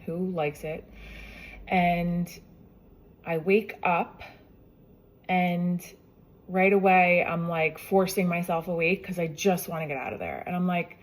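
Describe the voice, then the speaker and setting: Chatty woman in her forties, lower voice. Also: fairly even intonation, takes it slowly, long pauses. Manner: chatty, often acts out what others said with "like". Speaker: mother sharing her health story. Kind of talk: casual personal storytelling.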